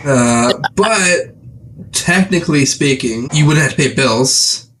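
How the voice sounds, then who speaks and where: A man's voice: medium pitch, lively intonation, slow, noisy background. A young man co-hosting a podcast in casual chat, joking and teasing and often laughing. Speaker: podcast co-host.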